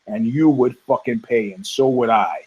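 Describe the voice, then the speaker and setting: A man's voice: mid-range voice, normal speed, darkish tone, husky, lo-fi sound. A middle-aged man hosting a podcast, ranting in a rambling, sarcastic, profane way. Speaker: podcast host. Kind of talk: casual rant.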